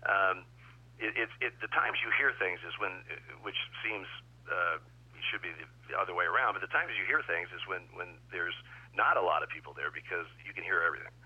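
Older male guest, very low voice, anecdotal and easygoing, muffled remote audio. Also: expressive, a little fast, breathy edge. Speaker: guest, retired baseball umpire. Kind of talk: casual interview chat.

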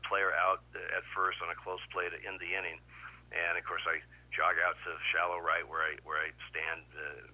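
Low-voiced older man on a muffled line. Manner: easygoing, anecdotal storyteller. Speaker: guest, retired baseball umpire. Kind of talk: casual interview chat.

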